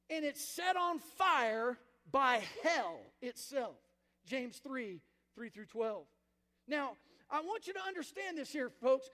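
High-voiced preacher in a reverberant hall. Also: male voice, a bit bright. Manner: emphatic preacher with call-and-response. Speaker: pastor. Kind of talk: sermon. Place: church sanctuary.

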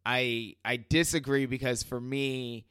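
A man co-hosting a casual talk show, laughing often and getting animated when he tells a story. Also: mid-range voice, measured pace, clear, resonant tone, dry recording, clean studio sound. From Caribbean. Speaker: podcast co-host. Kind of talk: casual chat.

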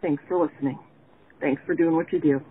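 A woman caller telling a story over the phone, animated and bursting into yelled reenactments. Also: deep voice, fairly quick. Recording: tinny phone line.

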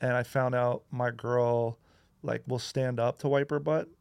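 A man's voice: medium pitch, fairly even intonation, a little slow, creaky, clean tone, no room sound. Laid-back man chatting on a podcast. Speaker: podcast host. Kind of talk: casual podcast chat.

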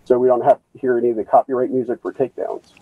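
A man calling in over a video call, talking in a rambling, halting way with many restarts. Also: mid-range voice, steady tone, slight background noise. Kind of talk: rambling casual chat. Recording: tinny phone-like call line.

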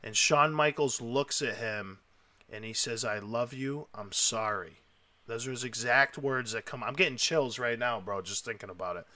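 A man hosting a casual chat, telling a story with excitable, emotional energy and lots of rambling. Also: mid-range voice, normal speed, no echo. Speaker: podcast host.

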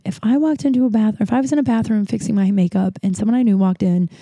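A woman's voice: mid-range voice, fast, dark tone, no echo. Chatty, profane woman with a dry close sound. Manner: chatty, profane, rambling with many restarts. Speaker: podcast host. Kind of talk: casual storytelling monologue.

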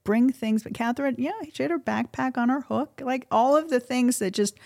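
A middle-aged woman from the United States, a guest on a podcast, telling a personal story in an earnest, halting, emotional way. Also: sits high, gravelly, a little mellow, no room sound, clean studio sound. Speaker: interview guest. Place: podcast recording.

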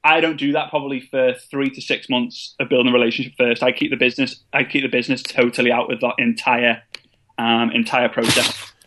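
A man's voice: medium pitch, little pitch movement, fairly quick, a bit bright. A younger man being interviewed, telling his story in a casual, self-deprecating way with frequent restarts. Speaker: guest, network marketer.

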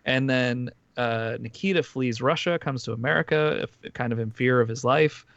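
A man in casual podcast chat, talking through a story in loose, filler-heavy runs and restarting his sentences often. His voice sits at an ordinary pitch. The sound is dry and a little muffled. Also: normal speed, gravelly, fairly bright tone, dry recording. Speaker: podcast host recapping a documentary.

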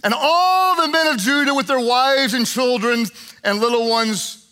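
A male pastor with a high, bright, sharp voice delivers an impassioned sermon. He drives his points home with repeated phrases. He swings between ringing shouts and soft, prayerful murmurs. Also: a little slow.

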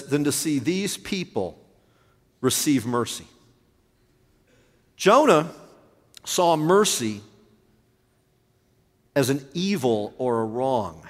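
A man's voice: mid-range voice, animated, slow, pauses often. A man who is a pastor, preaching a sermon with emphatic rises and drops in his voice. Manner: emphatic preaching, voice rising and falling. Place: church sanctuary. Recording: long hall reverb.

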